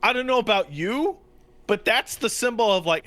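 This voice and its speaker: Guy on a podcast mic, bright lively voice, acts out every story. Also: high-pitched, normal speed. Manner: animated storyteller, acts out quotes. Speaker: podcast co-host. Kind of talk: casual podcast chat. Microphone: studio podcast mic.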